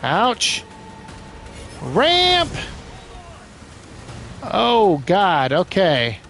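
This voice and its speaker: A man with a slightly high voice chatting through a video game, breaking into loud excited bursts of exclaiming as the action heats up. Game music plays faintly behind his commentary. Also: extremely slow, gravelly. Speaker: gaming streamer. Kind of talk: casual let's-play commentary.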